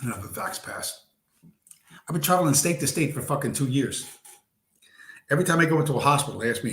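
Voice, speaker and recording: A man's voice: medium pitch, animated, fast, long pauses, fairly bright tone. A man hosting a late-night livestream, ranting bluntly and crudely at his viewers from a home room, his voice getting worn. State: losing his voice. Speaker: livestream host. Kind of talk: profane late-night stream rant. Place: home room with a squeaky chair. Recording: roomy echo.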